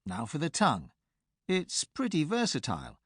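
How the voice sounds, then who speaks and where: A man presenting a pronunciation course in a clear, measured teacher's delivery, recorded close on a studio mic. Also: fairly high pitch, wildly swooping pitch, no echo. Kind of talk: scripted instructional narration.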